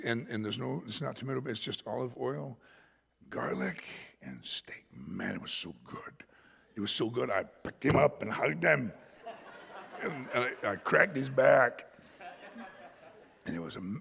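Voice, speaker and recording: An American man preaching a sermon as pastor, an animated storyteller who punches out words for emphasis and jokes about himself. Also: on the low side, gravelly, breathy edge. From United States. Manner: animated storyteller, shouts words for emphasis, self-deprecating humor. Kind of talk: expository sermon. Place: church sanctuary. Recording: church hall reverb.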